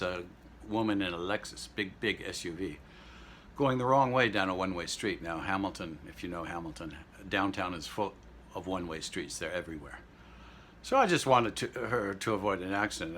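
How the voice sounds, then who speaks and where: A man's voice: low-pitched, fairly bright tone, slight background noise. A man telling rambling, indignant everyday anecdotes in a casual vlog monologue. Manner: greets the audience in French and German. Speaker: vlogger.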